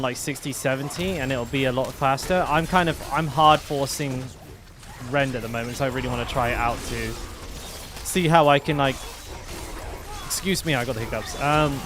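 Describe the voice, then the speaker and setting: A man's voice: mid-range voice, background noise. A young man chatting casually while streaming a game, rambling with lots of fillers and restarts. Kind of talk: casual live-stream chat.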